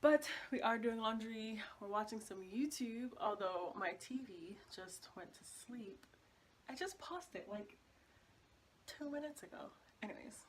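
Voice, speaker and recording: A woman's voice: a little high, lively intonation, unhurried, slight background noise. Groggy-voiced young woman vlogger. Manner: chatty, rambling, laughs often. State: groggy morning voice. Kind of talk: casual vlog chat.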